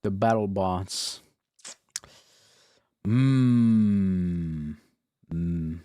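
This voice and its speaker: A man's voice: sits low, extremely slow, mellow, dry recording. A man streaming as he reacts to videos, casual, swearing freely and laughing often.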